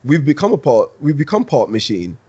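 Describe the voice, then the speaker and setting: A man's voice: fairly high pitch, very animated, fairly quick, darkish tone, slightly rough. A man hosting a podcast in casual conversation, earnest and repeating words as he builds his point. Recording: dull lo-fi audio.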